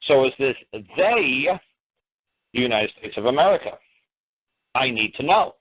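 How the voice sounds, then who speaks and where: A man's voice: mid-range voice, very animated, a little slow, slightly rough. A man on a call-in radio show, his voice thin and tinny as if coming down a phone line. He talks in a mid-range voice and hammers away with repeated, heated rhetorical questions. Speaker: radio talk show host. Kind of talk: emphatic call-in radio talk.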